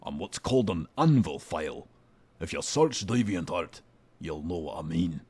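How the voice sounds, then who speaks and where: A man voicing a crude, rude male dwarf blacksmith in a deeper put-on accent for a game. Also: lively intonation, moderate pace, darkish tone, slightly rough. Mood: gruff. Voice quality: deeper put-on voice, not Scottish. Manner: rude, swearing, mocking. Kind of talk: fan voicing of a game character.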